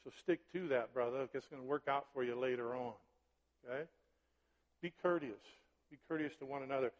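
A man's voice: medium pitch, brisk. A man preaching a sermon as pastor, talking conversationally and checking in with his listeners often. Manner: conversational preaching, frequent "right?" and "are you with me?". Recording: dull recording with long hall reverb.

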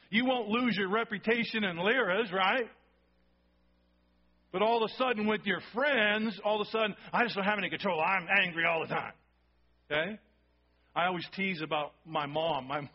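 A man's voice: high voice, moderate pace, highs cut off. A male pastor preaching a sermon in church. He talks conversationally to the congregation and keeps checking in with "okay?" and "right?".

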